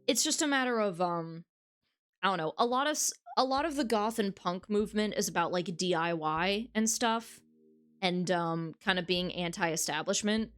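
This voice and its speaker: A woman's voice: mid-range voice, moderate pace, fairly bright tone, smooth. A woman streaming a dating game, reading its text aloud and chatting casually with viewers, frank and swearing freely.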